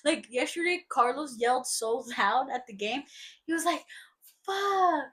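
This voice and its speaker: A young woman co-hosts a podcast, talking in a loose, slangy, laid-back way and laughing often. Her voice sits high for a woman. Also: expressive, normal speed, fairly bright tone. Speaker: podcast co-host. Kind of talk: casual chat.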